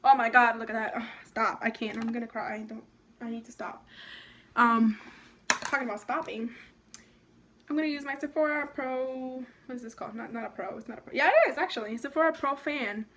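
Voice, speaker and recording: A young woman vlogging at home, chatting excitedly and rambling through a makeup tutorial with lots of likes and ums. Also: fairly high pitch, brisk, slight background noise.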